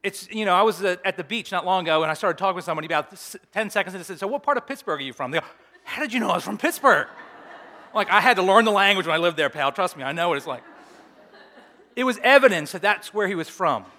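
Bright-voiced man preaching a sermon. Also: high voice, animated, rapid-fire. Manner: conversational preaching with humorous asides. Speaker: pastor.

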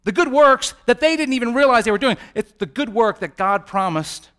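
A man preaching a sermon, rising to loud peaks and dropping to quiet, hushed lines, sometimes acting out the voices he quotes. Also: extremely high pitch, animated, fairly quick, smooth. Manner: dramatic swings from soft to loud.

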